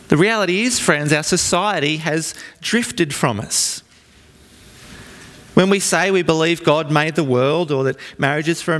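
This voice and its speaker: A man preaching a sermon in an earnest storytelling manner with dramatic pauses. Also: a little high, fairly bright tone. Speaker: pastor. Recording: long reverb from a large hall.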